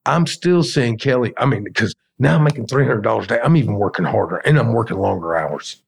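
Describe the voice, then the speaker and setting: A middle-aged man spins work stories as a podcast guest, loose and colloquial, acting out the other people's lines. His voice is gravelly, with a husky edge that stays through every line. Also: medium pitch, brisk. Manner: colloquial, animated storyteller acting out quotes. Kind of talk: casual storytelling in an interview.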